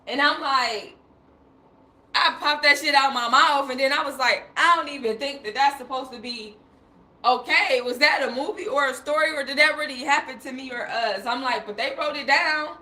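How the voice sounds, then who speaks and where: Young woman, livestream host, high voice, bright tone, casual slangy storytelling, laughing. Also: normal speed. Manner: animated, laughing, slangy, quoting herself.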